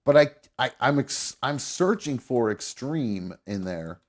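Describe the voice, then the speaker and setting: A male host chatting casually on a live talk show. His pitch swings widely, lively and animated. He rambles, restarts sentences and swears freely. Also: unhurried. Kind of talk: casual chat.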